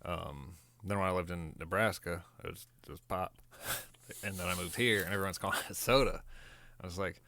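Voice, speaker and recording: Male podcast co-host, somewhat low voice, laid-back banter, keeps stumbling and laughing. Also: normal speed, bright, forceful tone, dry recording. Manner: laughing, stumbling over words. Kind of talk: casual chat.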